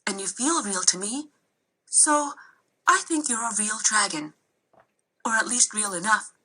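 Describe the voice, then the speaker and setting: A woman's voice: mid-range voice, animated, a little slow, slightly rough, heavily acted. A woman voicing a kind, practical young girl who speaks in a reassuring way in a storybook reading. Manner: warm, reassuring.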